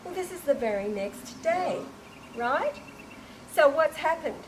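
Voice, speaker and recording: A woman telling an emotional personal anecdote to a small group, animated and exclamatory, with frequent restarts and laughing or tearful breaks. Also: high-pitched, measured pace, slight background noise, rough recording. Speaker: storyteller recounting an experience to a small group.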